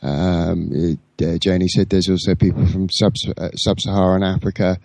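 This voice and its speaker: A man interviewing a guest on a radio show, asking long questions with many hesitant pauses. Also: low voice, flat delivery, gravelly, darkish tone, no room sound.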